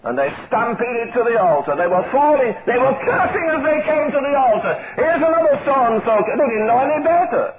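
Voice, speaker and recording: A man's voice: very high voice, sing-song, a little fast, few pauses. An older man preaching a fiery revival sermon, impassioned and emphatic, hammering phrases through repetition. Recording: tinny phone-like recording with loud crowd.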